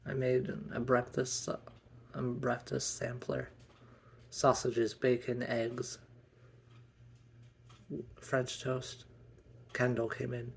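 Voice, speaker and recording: A man telling a first-person role-play story in a slow, halting way with frequent restarts. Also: medium pitch, monotone, vocal fry, breathy edge.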